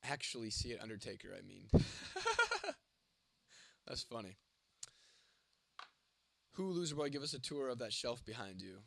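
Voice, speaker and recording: With a medium-pitched, creaky, slightly bright voice, a young man answers livestream chat a little fast and expressively, leaving long pauses. He's congested and losing his voice from a cold, yet stays blunt, teasing and constantly profane, with a bit of hiss or hum in the audio.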